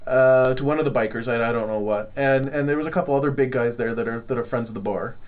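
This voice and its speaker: A man's voice: mid-range voice, fast talker. A man hosting a podcast, telling a rambling anecdote and acting out what people said. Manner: rambling anecdote, acts out quoted dialogue. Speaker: podcast host. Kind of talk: casual storytelling. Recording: phone-like narrow sound.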